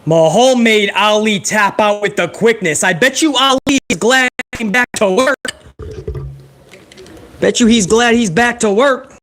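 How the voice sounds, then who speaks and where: A man giving live, profane play-by-play reaction to a wrestling broadcast, excitable and joking. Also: sits high, measured pace, slight background noise. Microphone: headset.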